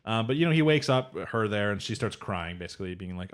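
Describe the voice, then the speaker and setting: A man's voice: lowish voice, animated, fast talker. A man co-hosting a podcast, casually retelling an anime episode and acting out the characters' lines, with plenty of swearing and laughter. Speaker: podcast co-host. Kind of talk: casual anime recap chat.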